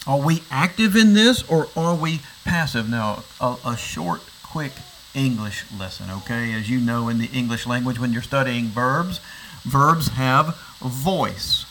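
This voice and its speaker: The man's medium-pitched, slightly bright voice is unhurried with lively intonation, over slight background noise on a rough recording. He is a pastor preaching, unpacking a passage with rhetorical questions and often repeating words as he starts over.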